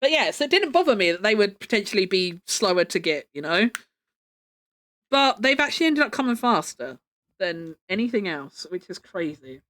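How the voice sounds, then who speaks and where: A woman's voice: medium pitch, big pitch swings, normal speed, fairly bright tone. A young woman chatting casually on a livestream, rambling with lots of fillers and casual swearing. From United Kingdom. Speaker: live streamer.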